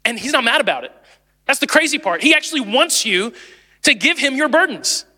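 A man in his late thirties, the lead pastor, preaching a sermon in a chatty, animated way and laughing easily. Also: extremely high pitch, a little fast, big-room sound. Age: 30s.

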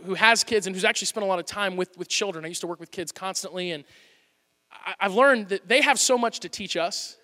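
A man in his thirties preaching a sermon in a church, animated and conversational with playful asides. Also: high voice. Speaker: pastor. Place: church auditorium. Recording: hall reverb.

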